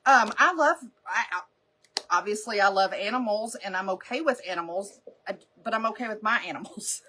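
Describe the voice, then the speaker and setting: A woman's voice: fairly high pitch, a bit bright, slightly rough. A woman hosting a live makeup stream, chatting casually and rambling through stories with frequent laughter. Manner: rambling, chatty storyteller who laughs often.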